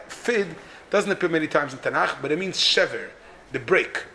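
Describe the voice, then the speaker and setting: Halting man teaching, slightly high voice. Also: animated, pushed and bright, slight background noise. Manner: halting, many restarts and repeated words. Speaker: Torah teacher. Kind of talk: explaining a Hebrew poem's meter.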